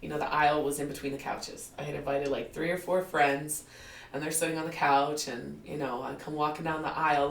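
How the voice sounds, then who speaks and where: The same woman in her forties keeps up her lively storytelling as a guest, voicing other people's lines and laughing frequently. Her low, gravelly voice moves a little fast, picked up by a distant microphone in a roomy room.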